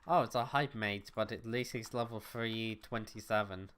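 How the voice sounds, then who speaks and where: Medium in pitch, a bit bright, and moderately paced, this voice belongs to a young adult streaming a game from home with neighbors next door. They chat casually with viewers and think aloud while playing.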